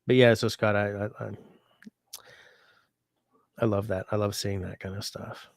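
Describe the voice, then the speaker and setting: A man's voice: on the low side, little pitch movement, unhurried, vocal fry, dry recording, clean studio sound. A sick man hosting a casual livestream, rambling and reading viewer comments aloud. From Canada. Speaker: livestream host.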